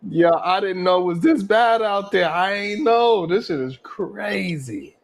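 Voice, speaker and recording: A man from New York hosts a live reaction stream, his voice sitting slightly high. He keeps it loose and casual and peppers his banter with curses. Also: unhurried, gravelly. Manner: loose banter, heavy cursing, frequent laughs. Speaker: live stream talk show host.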